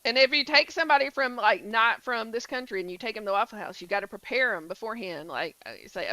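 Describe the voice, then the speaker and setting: A woman chats casually with her stream as she plays, peppering her talk with filler likes. Her voice sits a little high and comes across bright and forceful. The sound is dry and close. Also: fast talker, few pauses, dry recording, rough recording. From southern United States. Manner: chatty, answers chat, many filler likes. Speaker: gaming streamer. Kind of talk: casual chat while streaming a game.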